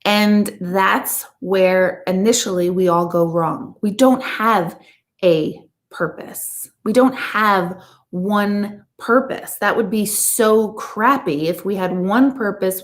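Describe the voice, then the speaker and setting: A middle-aged woman and intuitive coach, chatting casually and candidly to her viewers in a blunt, talkative way. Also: medium pitch. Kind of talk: casual live chat to viewers.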